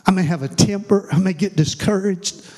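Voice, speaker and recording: A man's voice: sits high, moderate pace, a little mellow, big-room sound, voice pushed down. A preacher voicing Mary, plain-spoken aging mother. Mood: weary. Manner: plain-spoken confession in rough everyday speech. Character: aging mother, troubled and humble, of Jesus. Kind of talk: sermon role-play.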